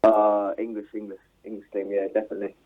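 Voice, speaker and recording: A man's voice: on the low side, monotone, fast, slight background noise. A man calling in to a fan phone-in, talking hesitantly with many fillers. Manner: hesitant, lots of fillers, plain talk. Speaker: caller. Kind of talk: casual phone call. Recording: dull, dry phone-line sound.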